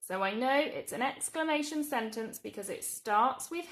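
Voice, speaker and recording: An English woman, a primary school teacher, giving a recorded grammar lesson to young children in a slow, clear, patient way. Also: a little high, animated, a bit bright. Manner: slow, clear, patient explaining with drawn-out example words.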